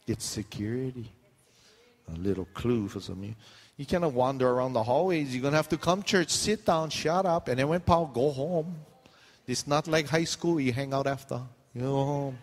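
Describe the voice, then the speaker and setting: A man's voice: medium pitch, normal speed, long reverb tail. Hawaiian Pidgin-accented male pastor, mid-range voice, playful and ribbing with his flock in church. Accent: Hawaiian Pidgin English. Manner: jokey, teasing banter with the crowd. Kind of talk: joking sermon to a congregation. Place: church hall.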